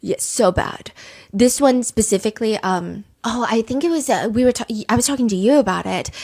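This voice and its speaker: Slightly high-voiced woman podcast host. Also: fairly quick. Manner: animated, speculative, rhetorical questions. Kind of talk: casual true crime podcast chat.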